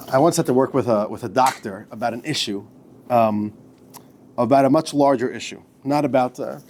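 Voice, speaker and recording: A man, a rabbi, lecturing a class in a lively, chatty way, often repeating himself and laughing at his own stories. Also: a little high. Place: classroom with students.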